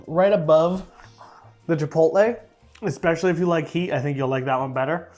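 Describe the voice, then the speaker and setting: A young man reviews sauces in a laid-back vlog, talking briskly in a darkish voice on the high side while faint music plays. He's chatty and jokey, slipping into fillers and playfully mangling and repeating words.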